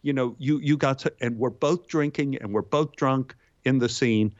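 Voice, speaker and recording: A man's voice: moderate pace, no echo, dull audio. A man, an actor, telling anecdotes as a guest and lifting his voice for punchlines. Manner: lively raconteur, jumps pitch for punchlines and quotes. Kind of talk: anecdotal storytelling.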